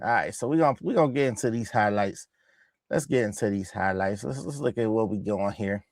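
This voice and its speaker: A man hosting a casual reaction show, talking excitedly and in slang over game highlights and repeating himself. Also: a little fast, dry recording, clean studio sound. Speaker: host of a basketball reaction channel.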